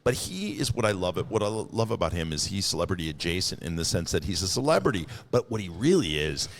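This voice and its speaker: A man's voice: low-pitched, very animated, quick pace. A man co-hosting a casual podcast from a bar, rambling, laughing and cutting himself off mid-sentence. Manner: rambling, laughing, self-interrupting. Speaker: podcast co-host. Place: bar venue during a live podcast taping.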